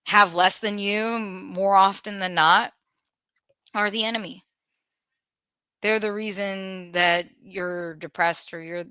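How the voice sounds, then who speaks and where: A woman hosts a podcast in casual, earnest talk, often breaking into uneasy laughter and restarting her sentences. Her voice is bright and forward. The sound is close and dry, with no room around it. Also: fairly low pitch, clear, resonant tone, dry recording. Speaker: podcast host.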